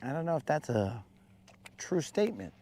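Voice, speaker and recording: A man's voice: medium pitch, sing-song, moderate pace, mellow, slight background noise. A man hosting a fishing livestream outdoors on a lake, joking in slang and greeting viewers by name. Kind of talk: casual live-stream chat.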